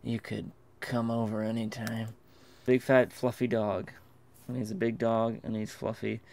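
A man's voice: on the low side, little pitch movement, unhurried, gravelly, a little mellow, slight background noise. A young man in casual game commentary, goofy and rambling, who keeps slipping into silly voices. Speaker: gaming commentator. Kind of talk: casual let's play commentary.

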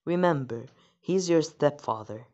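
A woman reading a calm, gentle father. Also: deep voice, unhurried. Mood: reassuring. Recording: dull lo-fi audio.

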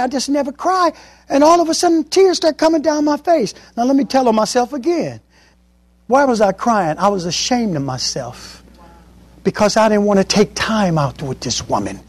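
A man's voice: high voice, no room sound. A male preacher giving a testimony sermon, telling stories with emphasis. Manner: emphatic storytelling.

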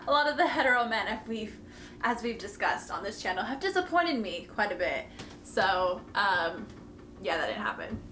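Woman, music reaction host, casual commentary, swears freely, laughs a lot, somewhat high voice. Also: fairly bright tone, echoey room, a little hiss or hum. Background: faint music playing.

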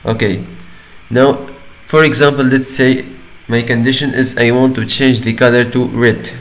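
A man narrating a screen-recording tutorial step by step, often pausing on "okay" between steps. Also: medium pitch, level tone, poor audio. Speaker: tutorial maker.

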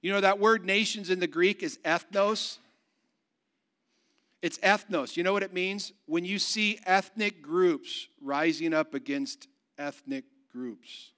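A man pastor preaching a sermon, going from loud proclamation to soft, hushed storytelling. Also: sits high, unhurried. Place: church.

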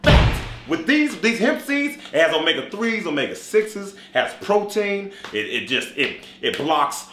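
Young guy hosting a goofy cooking show, bright lively voice, echoey room with light music. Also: high voice, measured pace, hardly any pauses, slight background noise. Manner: energetic, animated, playful. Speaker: comedian host.

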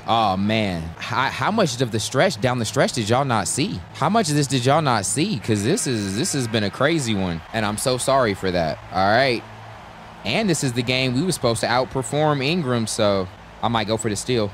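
A man giving live commentary on his own basketball video game, slangy and full of trash talk, breaking into excited yells. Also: medium pitch, normal speed, a little hiss or hum. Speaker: gaming YouTuber.

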